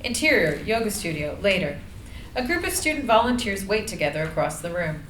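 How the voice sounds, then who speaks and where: A woman's voice: mid-range voice, sing-song, fairly quick, fairly bright tone. Woman reading screenplay directions. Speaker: narrator. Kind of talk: reading screenplay action lines. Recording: echoey room, light noise.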